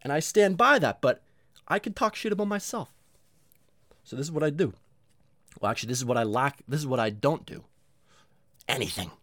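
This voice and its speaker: A man's voice: mid-range voice, lively intonation, fairly quick, long pauses, a bit bright, no room sound. A man hosting his own show in a casual solo monologue, rambling, swearing and mocking himself with lots of energy. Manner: rambling, profane, self-mocking. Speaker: podcast host.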